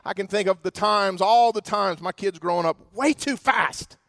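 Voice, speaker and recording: A man preaching a sermon as pastor, emphatic, slowing to stress scripture and putting questions to the congregation. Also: sits high, fairly bright tone, dry recording, clean studio sound.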